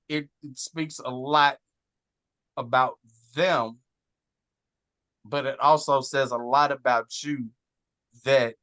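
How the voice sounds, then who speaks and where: A man, talking casually and earnestly as a guest, animated and swearing now and then. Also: medium pitch, no room sound. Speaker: guest on a wrestling talk show. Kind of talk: casual heartfelt chat.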